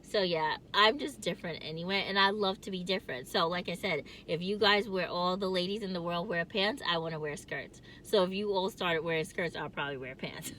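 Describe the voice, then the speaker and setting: A woman's voice: on the low side, fairly quick, few pauses, fairly bright tone, a little hiss or hum. A woman vlogging from her car in casual chat, with a distinctive nasal voice, rambling and laughing often.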